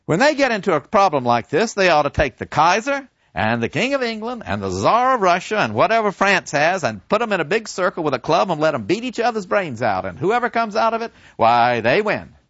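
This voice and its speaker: A man's voice: sits high, big pitch swings, brisk, few pauses, fairly bright tone, no echo, highs cut off, voice pushed up, heavily acted. A man voicing a folksy farmer soldier. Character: plain-spoken older farmer soldier.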